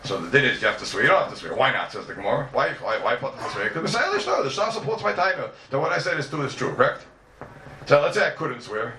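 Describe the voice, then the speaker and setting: Guy with teaching talmud super fast, voice bouncing all over, kinda far from the mic in an echoey room. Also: mid-range voice, very animated, sharp tone, slight background noise. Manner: rapid, questioning, sing-song give-and-take. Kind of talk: animated Talmud class lecture. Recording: roomy, distant mic with faint ambience.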